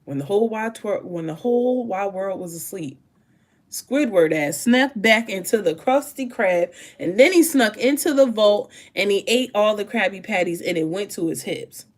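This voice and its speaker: A woman's voice: mid-range voice, lively intonation, moderate pace. A woman doing a casual tarot reading, talking in a rambling, emphatic way and swearing freely. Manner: profane, rambling and emphatic, with sudden laughs. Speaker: tarot reader.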